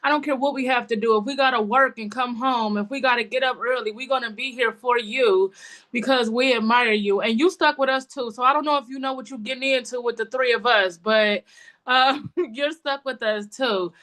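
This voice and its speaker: A woman with a high, bright voice speaks over a video call. She talks casually and affectionately as a co-host, plain and direct. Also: fairly quick. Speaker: co-host from a support group. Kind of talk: casual supportive talk on a livestream.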